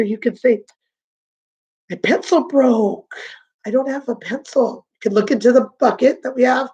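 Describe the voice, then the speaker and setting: A woman teaching a remote lesson to young children, patient and sing-song, repeating words slowly. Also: on the high side, a little mellow, lo-fi sound. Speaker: kindergarten teacher.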